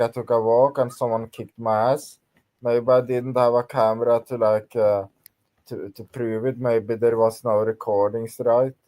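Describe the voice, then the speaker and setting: A man's voice: mid-range voice, darkish tone. A man taking part in a casual group discussion, hesitant and full of fillers.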